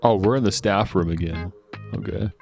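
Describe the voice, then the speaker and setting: A man's voice: on the low side, moderate pace, creaky, darkish tone, soft background music. A man giving casual, joking commentary while playing a video game. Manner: joking, chatty, laughs a lot. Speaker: let's play gamer.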